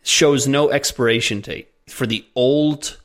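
A man co-hosting a podcast in casual chat, relaxed and easygoing as he explains things plainly. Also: medium pitch, a little slow. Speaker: podcast co-host.

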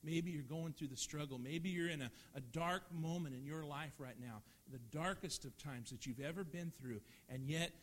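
A middle-aged male pastor preaching a sermon in a church, earnest, swinging from loud emphasis down to hushed, soft lines. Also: a little high, moderate pace, few pauses.

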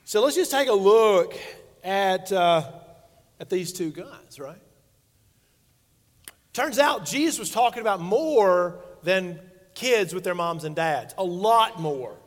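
A man's voice: sits high, expressive, slow pace, pauses often. A man in his forties, a pastor preaching a sermon in a playful, conversational way and acting out quotes. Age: 40s. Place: church sanctuary stage. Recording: long reverb of a large hall.

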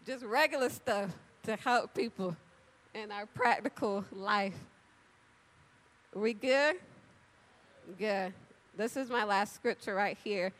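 A woman preaching an animated, chatty sermon, talking straight to the congregation and acting out little conversations. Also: medium pitch, takes it slowly, long pauses. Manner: animated, chatty, addresses crowd directly; acts out dialogue with big voice swings. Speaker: church speaker. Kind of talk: lively sermon with storytelling.

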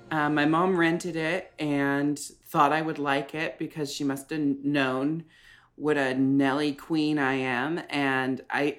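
A man's voice: on the high side, fairly bright tone. A man appearing as a podcast guest in casual chat, telling stories in a theatrical way. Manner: slow, theatrical storytelling.

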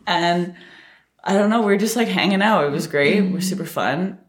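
A young woman chatting casually as she tells a story, lively and quick to laugh. Her voice sits a little low, and the room around her echoes. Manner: animated, laughing often, acting out her younger self with high shouts. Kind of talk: casual chat.

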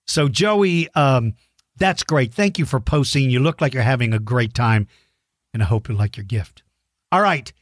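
A man's voice: mid-range voice, animated, normal speed, dry recording, clean studio sound. A man hosting a children's dinosaur show, talking playfully to young viewers and reading out their messages. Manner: playful, self-correcting, reads out viewer messages. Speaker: kids' dinosaur show host. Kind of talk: friendly educational talk to children.

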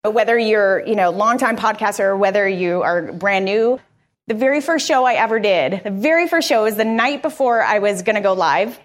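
A woman podcaster giving a live conference talk, energetic, candid and conversational. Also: medium pitch, normal speed.

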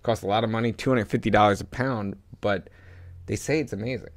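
A young man co-hosting a casual chat, rambling through animated stories with swearing. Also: lowish voice, brisk. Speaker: podcast co-host.

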